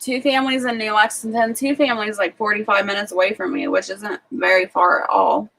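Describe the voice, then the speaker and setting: The host speaks briskly in a mid-range voice, flat in delivery, a bit bright, with vocal fry. Chatting casually on a livestream from her rural farm home, she tells stories full of "like" and tangents.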